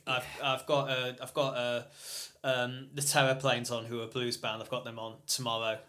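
A man's voice: mid-range voice, flat delivery, moderate pace, pushed and bright. A British man hosting a podcast, chatty and rambling, laughing often with his guest. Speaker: podcast host. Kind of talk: casual podcast chat.

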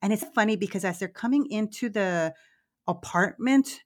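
A woman co-hosting a podcast, recapping a movie in a casual, animated way, swearing freely and laughing easily. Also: medium pitch, normal speed. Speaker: podcast co-host.

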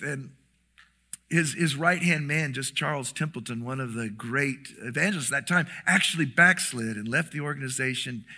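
A pastor preaching an impassioned sermon, swinging from shouts to hushed whispers. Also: male voice, mid-range voice, vocal fry.

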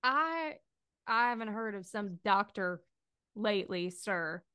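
A woman's voice: medium pitch, expressive, slow pace, sharp tone, clear, resonant tone. A woman doing a wary Southern hermit with a gun. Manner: curt, wary, threatening. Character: suspicious armed male hermit. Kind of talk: improvised tabletop role-play.

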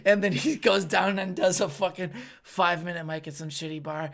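Bright-voiced man telling comedy stories. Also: sits high, fairly even intonation, a little fast, gravelly. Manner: profane storytelling, acting out quotes. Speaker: stand-up comedian. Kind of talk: casual podcast chat. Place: Los Angeles comedy scene.

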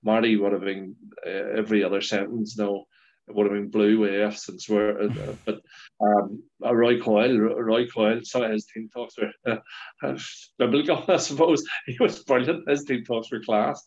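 A man's voice: lowish voice, steady tone, moderate pace, darkish tone. A middle-aged Northern Irish man, a former footballer, telling rambling stories with frequent laughs and restarts in casual chat. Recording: dull lo-fi sound.

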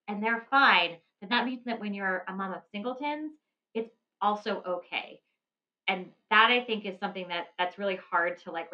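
A woman's voice: medium pitch, dull audio. A woman talking earnestly about mothering twins in a casual podcast chat, reflective and prone to restarting her sentences.

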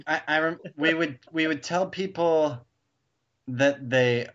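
A man's voice: fairly high pitch, slow pace, a bit bright, lo-fi sound. A man co-hosting a podcast, talking hesitantly with many ums. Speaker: podcast co-host. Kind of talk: casual chat.

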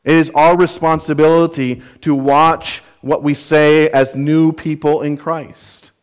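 A man's voice: a little high, level tone, a little slow, smooth. Earnest man preaching an expository sermon. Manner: earnest, emphatic, with rhetorical questions; explains word meanings and grammar of scripture. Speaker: pastor.

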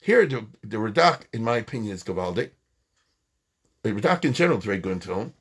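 A man teaches Torah in a chatty, animated way. His husky voice rises and falls a lot as he acts out quoted lines. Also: fairly low pitch, fast.

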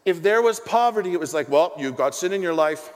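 A middle-aged man preaching a sermon, an animated storyteller with a self-deprecating, joking manner. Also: sits high, brisk. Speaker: pastor. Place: church hall with congregation. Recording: long hall reverb.

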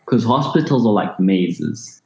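A man playing a tabletop game in character, joking in a deadpan way. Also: lowish voice, unhurried, reverberant, poor audio. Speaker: player.

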